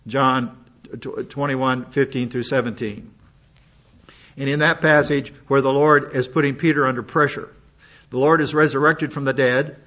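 A man's voice: mid-range voice, steady tone, normal speed, a bit bright. An older man preaching a sermon as a pastor, folksy and rambling, with many restarts and asides. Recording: slightly dull lo-fi recording.

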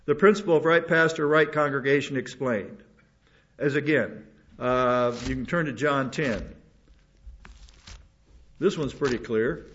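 A man's voice: medium pitch, measured pace, pauses often, a bit bright. An older man, a pastor, preaching a rambling sermon with many restarts and asides. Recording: dull lo-fi recording.

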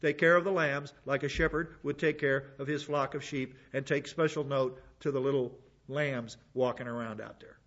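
A man's voice: mid-range voice, fairly even intonation, moderate pace, hardly any pauses, fairly bright tone, highs cut off. A man teaching a sermon in a conversational way, with asides between the verses he reads. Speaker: preacher.

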